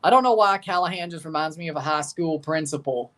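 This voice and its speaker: A man's voice: on the high side, a little fast, fairly bright tone. A young man giving rambling, jokey live commentary while watching a match and chatting to his viewers. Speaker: watchalong streamer.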